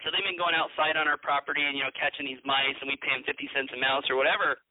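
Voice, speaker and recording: A man podcast host telling a personal story in a casual, animated way, acting out the dialogue and often restarting his sentences. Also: fairly high pitch, racing, no echo. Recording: dry, phone-like narrow sound.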